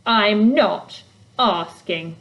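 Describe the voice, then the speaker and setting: A woman's voice: mid-range voice, extremely slow, a bit bright, low-quality recording. A woman voicing a defiant, curious young girl in a storybook reading. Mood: insistent. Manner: insistent, defiant questioning.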